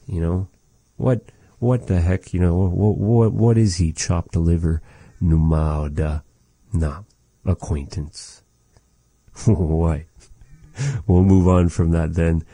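A man teaching vocabulary in a casual lesson, repeating each word slowly with chatty asides. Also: deep voice, mellow, dry recording. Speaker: language teacher.

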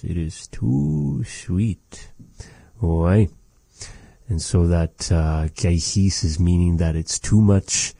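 A man teaching vocabulary in a language lesson, explaining words slowly and patiently and repeating each one after the recorded speakers. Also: deep voice, warm tone, no echo.

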